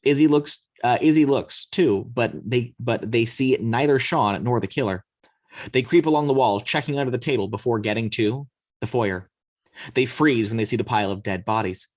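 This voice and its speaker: A man narrating the action lines of a screenplay read-through in a steady storytelling manner. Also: medium pitch, normal speed, dry recording. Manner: steady storytelling, occasional slips. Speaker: narrator reading action description.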